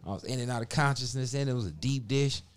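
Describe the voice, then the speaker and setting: A man's voice: mid-range voice, fast, clean tone. A man telling a long story in laid-back, profane casual chat.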